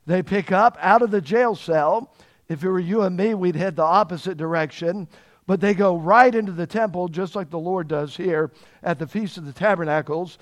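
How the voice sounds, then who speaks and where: A male preacher with a notably high voice delivers a sermon. He stretches out the words he wants to land and keeps checking in with his listeners through questions. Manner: emphatic, drawn-out stresses on key words; asks the congregation questions.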